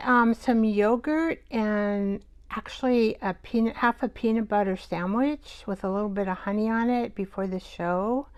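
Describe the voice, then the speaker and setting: A woman hosting a live art show, chatting and thinking aloud as she works, with soft half-whispered asides. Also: mid-range voice, moderate pace, smooth. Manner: chatty, rambling, talks to herself while working.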